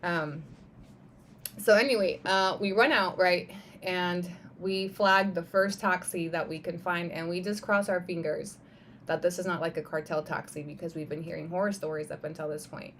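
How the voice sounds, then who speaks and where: On a live stream, a young woman tells a personal story casually and with animation, full of "like" and "right?" plus the occasional swear word. Her voice sits on the low side at a moderate pace, with a little hiss or hum in the background.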